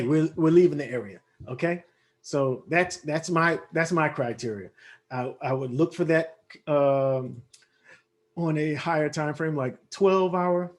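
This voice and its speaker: A man walking viewers through trading charts in a casual way, thinking aloud with many fillers and restarts, his voice worn from losing it. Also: on the high side. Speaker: forex trading analyst.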